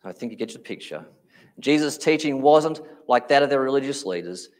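A man's voice: medium pitch, lively intonation, darkish tone. Male preacher, sermon delivery, emphatic, drags out key words, mid-range voice. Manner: emphatic, slows down on key phrases.

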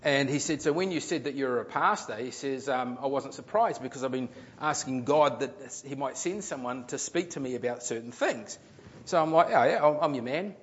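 A man's voice: medium pitch, moderate pace, muffled recording. A man, a pastor telling a story in a sermon, in a chatty, rambling way with restarts and fillers.

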